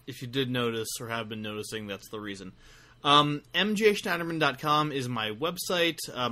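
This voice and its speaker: A man's voice: mid-range voice, pushed and bright. A tired man co-hosting a podcast, rambling casually through plugs for his projects. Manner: rambling, self-deprecating plugs. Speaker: podcast co-host. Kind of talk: casual chat.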